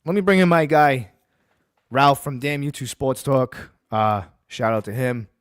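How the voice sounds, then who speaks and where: A man's voice: mid-range voice, a little slow, clean tone, no echo. A man hosting a sports talk stream, talking in a plain mid-range voice. He rants with heat and tells stories casually. The sound is dry and close, with no room around it. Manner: heated ranting, then relaxed storytelling. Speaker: podcast host.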